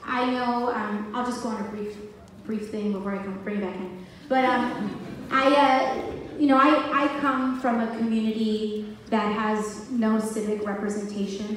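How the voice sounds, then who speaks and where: A young woman from the Bronx talking casually to a crowd at a rally, chatty and full of "like" and restarts. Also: fairly high pitch. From Bronx, New York, USA. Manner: chatty, heavy use of "like", frequent restarts, laughs easily. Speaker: political candidate speaking at a rally. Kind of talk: casual off-the-cuff speech. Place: indoor event space with a crowd. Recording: echoey hall from far off, loud crowd noise.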